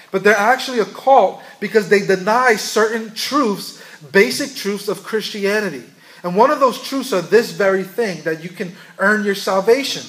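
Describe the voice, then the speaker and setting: A man's voice: sits high, a bit bright. A man preaching a sermon to a congregation, earnest and asking them questions as he goes. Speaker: pastor.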